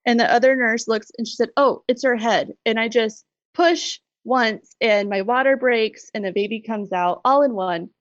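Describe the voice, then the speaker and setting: A middle-aged woman telling her story as a podcast guest, animated and laughing often. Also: fairly high pitch, normal speed, hardly any pauses, no room sound, lo-fi sound. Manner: animated retelling, laughs often, acts out quoted voices. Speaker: guest, bereaved mother. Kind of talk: conversational storytelling.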